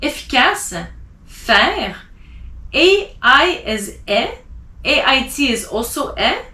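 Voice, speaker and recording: Woman, language teacher, slightly high voice, echoey room, careful letter-by-letter delivery. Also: big pitch swings, sharp tone. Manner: spells out letters and repeats words deliberately. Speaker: French teacher. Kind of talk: slow pronunciation lesson.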